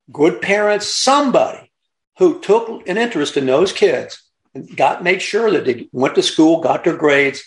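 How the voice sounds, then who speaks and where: A man's voice: fairly high pitch, vocal fry. A man giving impassioned commentary, emphatic and digressive, repeating points and lecturing along the way. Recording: roomy echo.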